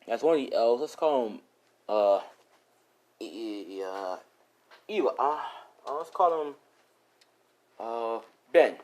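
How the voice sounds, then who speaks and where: A man's voice: medium pitch, expressive, slow pace, pauses often, darkish tone, low-quality recording. A man improvising a fan story, rambling with lots of fillers. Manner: rambling, full of fillers and 'and he's like'.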